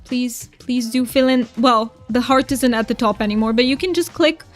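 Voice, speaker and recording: A woman's voice: on the high side, moderate pace. A young woman streaming a game, chatting casually and giggling as she reads out her chat.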